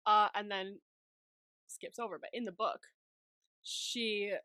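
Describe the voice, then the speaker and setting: A woman's voice: medium pitch, steady tone, takes it slowly, pushed and bright, smooth, dry recording. A woman co-hosting a podcast, recapping a movie in casual chat, laughing often and swearing freely.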